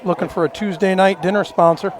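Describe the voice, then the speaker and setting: A man giving folksy, joking color commentary at a live high school football game. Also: fairly even intonation, fast. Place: outdoors at a high school stadium. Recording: outdoor stadium with crowd.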